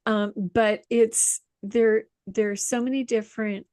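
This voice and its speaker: A woman coach in casual conversation, telling a lively story, acting out quotes and often laughing. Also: a little high, unhurried, no echo, clean studio sound. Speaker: intuition coach.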